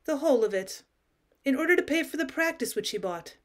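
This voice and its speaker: A woman's voice: sits high, animated, a little fast. A woman reading the part of a distressed young wife stranded in the city, speaking in a pleading, insistent way. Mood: tearful.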